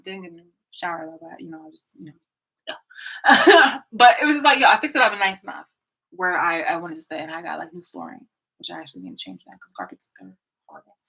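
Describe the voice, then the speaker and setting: A woman's voice: mid-range voice, expressive, a little fast, bright, forceful tone, rough recording. A woman telling a personal story in a casual, rambling way from a room in her home, blunt and full of fillers and restarts. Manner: blunt, profane and emphatic. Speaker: vlogger.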